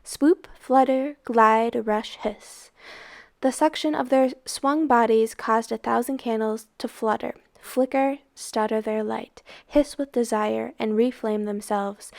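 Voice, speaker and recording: A woman reads a storybook aloud with dramatic expression, her voice set a little high. A gravelly, creaky texture runs through her narration. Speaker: reader.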